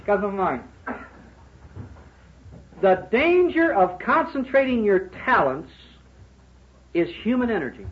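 A man delivers a sermon in a high voice that leaps all over its range, by turns punching out lines and dropping to a near hush. He throws rhetorical questions at the room. The recording is dull and lo-fi. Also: very animated, measured pace, long pauses, a little hiss or hum. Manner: emphatic, rhetorical questions, swings between loud and quiet. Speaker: preacher addressing businessmen.

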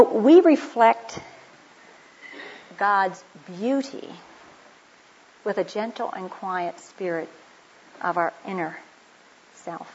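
A woman speaking at a Christian women's conference, telling personal stories in a conversational sermon, slowing down on emphatic phrases. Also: mid-range voice, a little mellow, a little hiss or hum. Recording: muffled lo-fi recording.

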